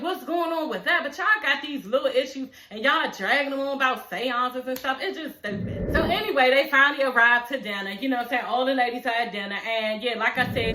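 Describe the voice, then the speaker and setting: A woman giving a casual, animated recap of a reality show, cursing freely and laughing as she talks. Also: a little high, echoey room, low-quality recording. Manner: animated, profane, laughing asides.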